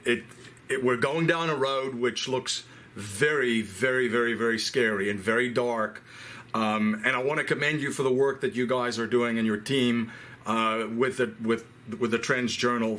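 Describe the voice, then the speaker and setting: Male podcast host, mid-pitch, stumbling over and repeating words, earnest and admiring. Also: bright, forceful tone. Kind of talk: interview conversation.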